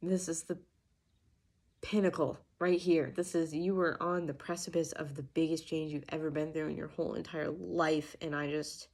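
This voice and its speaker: A woman's voice: low voice, level tone, normal speed, a little mellow. A young adult woman giving an earnest, emphatic channeled tarot reading, full of restarts and fillers. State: getting emotional. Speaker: tarot reader.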